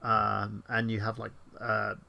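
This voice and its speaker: Excitable rambling man host. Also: lowish voice, takes it slowly, gravelly, dull audio. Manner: rambling, excitable, swears freely. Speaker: podcast co-host. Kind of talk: casual online chat show.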